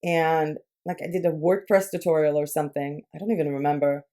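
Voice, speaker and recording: A woman's voice: low-pitched, steady tone, brisk, mellow. A young woman from Israel speaking English with a light, Americanized Israeli accent, chatting casually in a personal vlog with frequent filler words. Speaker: YouTube creator.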